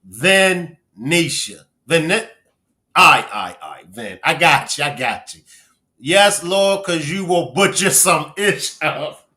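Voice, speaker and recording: A man's voice: on the high side, lively intonation, unhurried, pushed and bright. A man with a Baltimore accent hosting a casual live stream, joking playfully with viewers and reading their names aloud. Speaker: livestream host. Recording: roomy echo.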